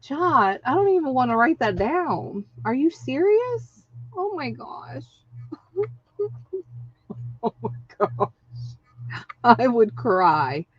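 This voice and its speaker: Woman livestream host, slow and chatty, excitable, dull dry lo-fi recording. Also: on the high side, husky, dry recording. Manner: chatty, excitable, laughs often, reads out viewer names. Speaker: craft channel host. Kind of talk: casual livestream chat.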